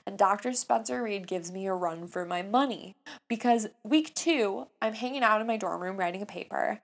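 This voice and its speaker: A woman in her twenties telling a long personal story in a chatty, animated, self-mocking way. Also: mid-range voice, normal speed, gravelly. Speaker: vlogger. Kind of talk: casual storytelling.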